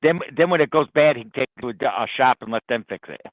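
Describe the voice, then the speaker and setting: A man's voice: mid-range voice, expressive, a little fast, no echo. A man in a casual call-in chat about cars, plainspoken and wry in a matter-of-fact way. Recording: tinny phone line.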